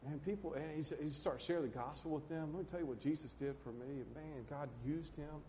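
A preacher delivers his sermon in a folksy, heartfelt way, leaning on "man" and "hey" as he builds to urgent pleas. His voice sits at an ordinary pitch and rings with the long reverb of a church hall. The sound is dull and lo-fi, with a faint rumble underneath. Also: fairly quick, dark tone. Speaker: pastor. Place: church sanctuary.

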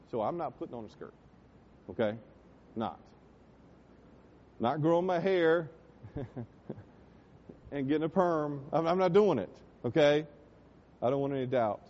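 Man preaching from the pulpit, impassioned, swells to loud peaks, muffled low-fi recording. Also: slight background noise. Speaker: pastor. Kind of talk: sermon. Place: church sanctuary.

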